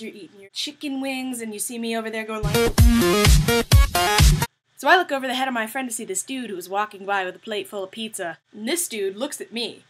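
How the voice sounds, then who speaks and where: Bright, animated young woman vlogger. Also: on the high side. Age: young adult. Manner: animated storytelling, swears freely, jokey. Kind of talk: casual chat to camera.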